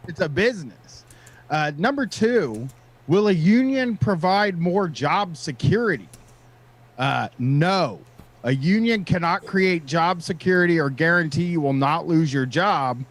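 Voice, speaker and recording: A man's voice: a little high, animated, measured pace. A man co-hosting a casual talk show, reading out points and mocking them sarcastically. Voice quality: sarcastic, reads text and mocks it. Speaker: podcast co-host. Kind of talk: casual chat, reading aloud and commenting.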